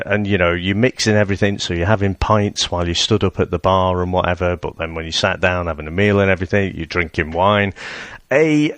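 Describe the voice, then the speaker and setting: Deep-voiced man, dry close sound. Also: fairly bright tone, no room sound. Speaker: podcast co-host. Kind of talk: casual chat.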